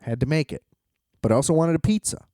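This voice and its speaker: Exasperated rambling man, lively pitch. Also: quick pace, no room sound, clean studio sound. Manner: exasperated, swears, laughs often. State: tired. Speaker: vlogger. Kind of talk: rambling solo monologue. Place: hotel room.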